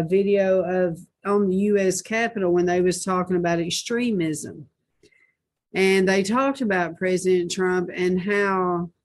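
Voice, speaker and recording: A woman's voice: fairly low pitch, a little mellow. A woman hosting a Christian talk show, reading posts aloud and commenting with indignant rhetorical questions.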